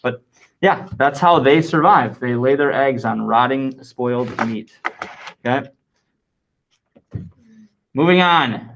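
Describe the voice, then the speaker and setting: Lively male science teacher. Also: medium pitch, a little hiss or hum, poor audio. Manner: lively, dictates slowly and repeats answers. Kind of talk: classroom lesson.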